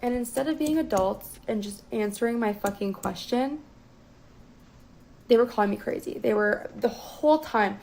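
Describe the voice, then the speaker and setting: A young woman telling a personal story as a guest in a casual, profane, animated way. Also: a little high, normal speed, creaky, slight background noise, low-quality recording.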